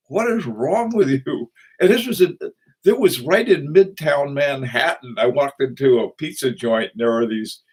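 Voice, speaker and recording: A man chats casually on a livestream, greeting viewers by name. His talk wanders and is full of chuckles, fillers and restarts. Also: medium pitch. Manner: rambling, chuckling, halting with many fillers. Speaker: watch channel host.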